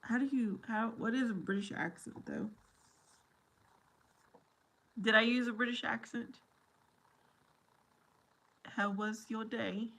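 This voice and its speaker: A woman's voice: fairly high pitch, a little fast, vocal fry, few pauses, a bit bright. A middle-aged woman hosting a casual livestream chat with her viewers, silly and giggly. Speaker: livestream host.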